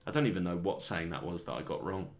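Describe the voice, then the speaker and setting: A man's voice: deep voice, animated, fast talker. A man, a comedian, rambling through a sardonic, self-deprecating solo monologue and chuckling at his own jokes. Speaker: comedian host.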